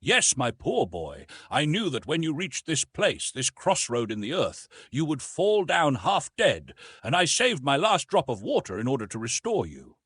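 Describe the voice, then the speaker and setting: A man reading the part of an eccentric, excitable older professor in an audiobook, fervent and insistent. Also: mid-range voice, normal speed, hardly any pauses, slightly rough, dry recording, pitched above the performer's own voice, exaggerated voice. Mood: tender.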